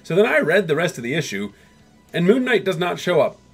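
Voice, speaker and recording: A rapid-fire man with a husky, slightly breathy voice runs through old comic issues like he's chatting with a friend. He rambles casually and slips into quick bits of the characters' dialogue. Faint music plays underneath. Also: sits high, very animated, a bit bright. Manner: rambling, acts out characters' lines in quick asides. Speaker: comics video host. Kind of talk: casual comic history recap.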